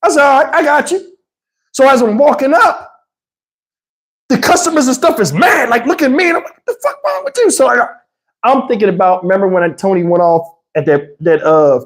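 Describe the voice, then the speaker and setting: A middle-aged man tells a profane, animated story to his livestream chat. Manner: animated, profane, swings into high voices to mimic others. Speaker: livestream host.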